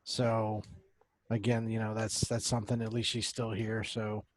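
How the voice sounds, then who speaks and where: A man's voice: lowish voice, monotone, unhurried, a little hiss or hum. A man playing a tabletop game, casually describing what his character does, rambling and restarting. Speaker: player.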